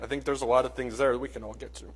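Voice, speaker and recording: Husky man telling a vivid story. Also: medium pitch, fairly even intonation, racing. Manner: earnest and vivid, addressing listeners directly. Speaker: Bible class teacher. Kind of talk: dramatic storytelling to a class. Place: church classroom.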